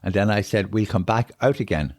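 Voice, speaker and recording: Recorded with studio clarity and no room sound, this older man from Ireland speaks in a fairly low, darkish voice at a slightly fast clip. As a podcast guest he tells meandering travel tales, circling back on himself and saying "on it" again and again, and emotion creeps in when he's touched.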